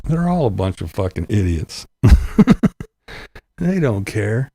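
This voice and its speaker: A political commentator vlogger delivers an angry, profane rant, blunt and sarcastic, swearing heavily and letting out sarcastic laughs. His voice is on the low side, husky and mellow, slow, with a sing-song lilt.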